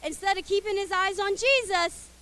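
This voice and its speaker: In a very high voice at a moderate pace, a young teacher brings a Bible story to life for children. She keeps it playful and expressive and gets the kids calling out and joining in.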